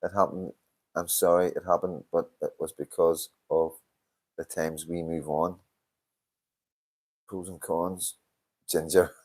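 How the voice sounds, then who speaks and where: Older streamer with a very low voice, tired and sweary, chatting loosely to his viewers. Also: level tone, slow, pauses often, a little mellow. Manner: swears a lot, tired and yawning. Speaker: livestream host. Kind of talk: casual live-stream chat reading comments.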